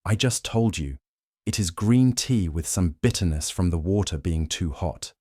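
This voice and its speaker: A man's voice: deep voice, animated, normal speed, darkish tone, dry recording, studio quality. A man voicing a busy, restless male tea merchant in a sleep story, polite and businesslike. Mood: puzzled.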